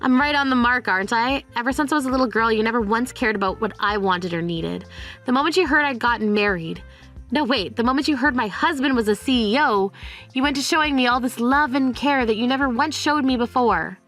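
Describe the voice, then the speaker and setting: A woman's voice: on the high side, fairly quick, fairly bright tone, soft background music, natural voice. A woman playing a defiant young divorcee. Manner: cold, cutting, firm. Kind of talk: dramatized story voice acting.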